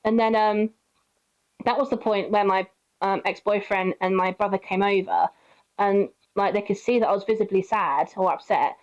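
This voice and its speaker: A young woman rambles through a personal story at an ordinary pitch, full of fillers and little acted quotes. The recording is dull and lo-fi. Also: moderate pace. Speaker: vlogger. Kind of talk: casual storytime monologue.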